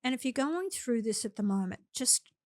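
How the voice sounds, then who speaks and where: A woman's voice: on the high side, lively intonation, moderate pace, no echo. An older Australian woman, a senator and podcast guest, giving earnest, plain-spoken advice and telling stories from experience. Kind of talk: interview conversation.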